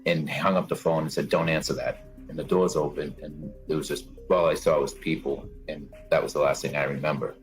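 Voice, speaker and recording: A man's voice: extremely low pitch, fairly even intonation, a little fast, faint music behind. A man telling his own story as an interview guest, in plain conversational storytelling. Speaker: guest, bombing survivor. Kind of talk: personal account in an interview.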